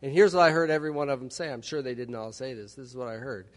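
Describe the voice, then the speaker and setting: A man's voice: medium pitch, quick pace. A man in his fifties from Texas, telling his recovery story to a meeting with wry, humorous asides. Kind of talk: personal testimony talk. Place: large hall at a conference. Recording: long hall reverb.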